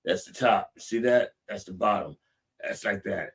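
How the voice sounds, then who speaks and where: A middle-aged man, the show's comedic preacher host, telling a rambling, animated story and swinging between loud and soft. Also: lowish voice, normal speed, slightly rough.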